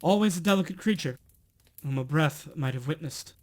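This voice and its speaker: Man as gentle storybook spirit; solemn, measured. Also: a little high, animated, no room sound, lightly acted.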